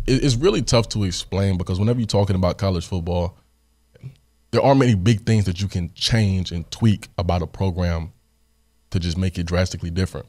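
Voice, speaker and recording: A young podcast host with a very deep voice tells a story casually, with sarcastic asides. He's animated and laughs a lot. The sound is dry and close, with no room echo. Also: a little fast, long pauses.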